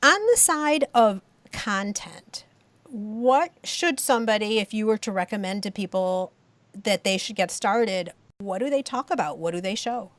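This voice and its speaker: A woman's voice: mid-range voice, expressive, a little slow, dry recording. A woman hosting a podcast interview, asking friendly, encouraging questions. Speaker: podcast host.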